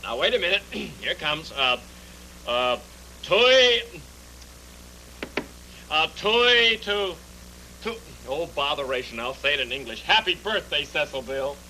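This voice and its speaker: A man's voice: on the high side, big pitch swings, slow, pauses often, sharp tone, a little hiss or hum, heavily acted, low-quality recording. A man voicing a fussy, flustered male bunny in a 1970s TV puppet show, stammering and polite.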